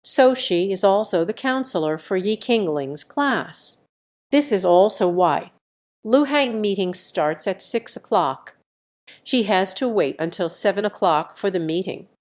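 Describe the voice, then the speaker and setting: A woman's voice: mid-range voice, lively intonation, measured pace. A woman narrating a romance story in a scripted audiobook reading.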